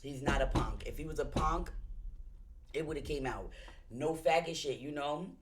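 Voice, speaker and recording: A woman's voice: sits low, moderate pace. Blunt, profane woman reacting on stream. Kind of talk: casual reaction chat.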